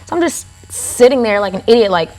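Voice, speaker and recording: A woman's voice: a little high, expressive, fast talker, darkish tone. A woman guest on a podcast, telling a story in a casual, chatty way and leaning on "like" as filler. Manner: chatty, filler-heavy with frequent "like". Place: tattoo studio podcast set.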